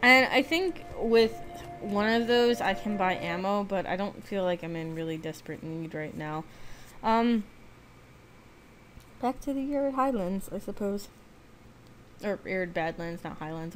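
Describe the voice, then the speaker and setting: A woman's voice: medium pitch, unhurried, long pauses, a little hiss or hum. Chatty woman gamer with a slight lisp. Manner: chatty, rambling, self-deprecating. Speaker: let's play gamer. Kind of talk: casual gameplay commentary. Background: game music.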